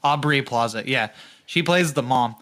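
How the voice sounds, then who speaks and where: A man's voice: medium pitch, moderate pace, a bit bright. A young man co-hosting a podcast, rambling in profane casual chat and laughing often. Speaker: podcast co-host.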